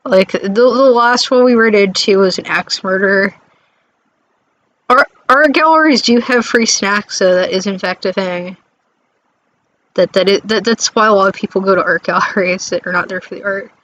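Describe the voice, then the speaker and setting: A woman's voice: mid-range voice, normal speed, a bit bright, low-quality recording. A woman co-hosting a let's play, chatting casually and rambling about the game. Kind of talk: casual chat over a game.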